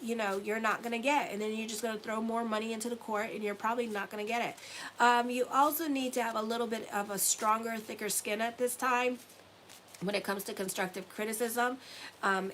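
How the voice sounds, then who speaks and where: A woman's voice: mid-range voice, fairly bright tone, slight background noise. A woman in her forties giving a casual weekly horoscope reading as an astrologer and tarot reader, blunt, rambling and profane.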